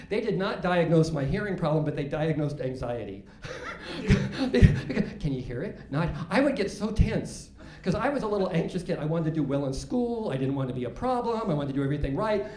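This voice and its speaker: Older male stand-up, high animated voice, rambling self-deprecating delivery, echoey room. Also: fairly quick. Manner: self-mocking, rambling, with frequent false starts. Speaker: stand-up comedian. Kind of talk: stand-up comedy set.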